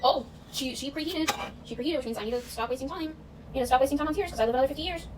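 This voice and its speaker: A young woman vlogger chats quickly in her home kitchen, her voice high as she talks casually through a baking session. She pokes fun at herself and keeps breaking into bits of show tunes. The distant camera mic picks up noise along with her.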